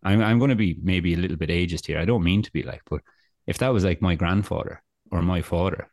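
A man's voice: sits low, quick pace, darkish tone, no room sound. A young Irish man co-hosting a podcast, talking casually and ranting with dry sarcasm. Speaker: podcast co-host. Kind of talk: casual chat.

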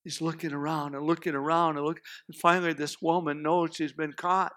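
A man with a notably high voice preaching a sermon. He tells the story dramatically, dropping to a hush and then rising to loud emphasis, and acts out the voices in the tale. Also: little pitch movement, brisk. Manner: dramatic storytelling, acting out voices, swings between loud and hushed. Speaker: pastor.

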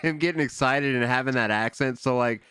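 A man's voice: mid-range voice, a little fast, pushed and bright, clean tone, no room sound. A man co-hosting a casual podcast, talking in slang, joking and laughing a lot. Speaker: podcast co-host.

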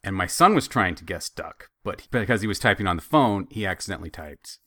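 A man with a fairly low but very bright voice, swooping up and down as he tells an animated family story. He sounds close and dry, with a lively, chatty delivery. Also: a little fast, no echo. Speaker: podcast co-host. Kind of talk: casual chat.

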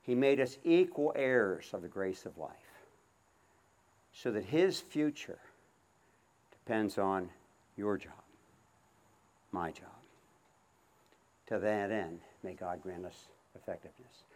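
Middle-aged male preacher working a horse, calls commands, then turns quiet and reflective. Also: lowish voice, expressive, takes it slowly, pauses often. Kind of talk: outdoor sermon with horse demonstration.

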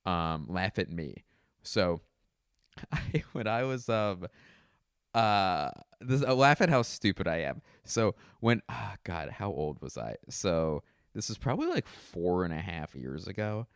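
A man's voice: low voice, very animated, slow, no echo, clean studio sound. A man around thirty talking in a casual, rambling monologue at home, often mocking himself and laughing. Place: indoors at home.

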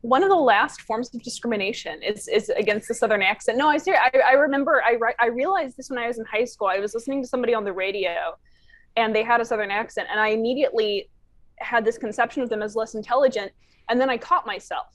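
A woman's voice: a little high, fast talker, no room sound. A woman from Chicago, co-hosting a podcast in a playful, chatty way with frequent laughs. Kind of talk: casual podcast chat.

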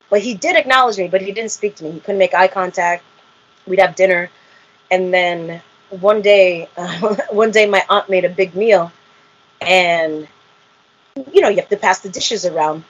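A woman's voice: medium pitch, a little slow. A woman, a reality show cast member, telling her story in an interview, acting out quotes and laughing often. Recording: muffled lo-fi audio.

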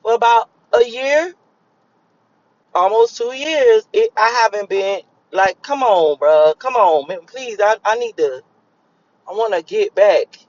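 A man's voice: high-pitched, lively intonation, a little slow, no room sound, muffled recording. A young man in a car, rambling and cursing as he reflects on his morning. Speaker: vlogger. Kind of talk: casual morning monologue while driving.

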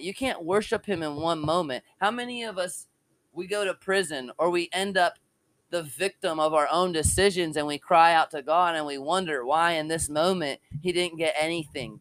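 A man's voice: on the high side, moderate pace, a bit bright, no echo. A man giving an informal, passionate sermon and personal testimony from home, mixing scripture talk with casual slang. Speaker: preacher.

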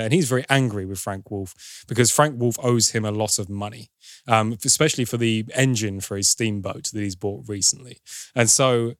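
In a dry, studio-quality recording, a man with a lowish voice hosts a podcast and casually recaps a film's plot. His storytelling is wry and lightly sardonic.

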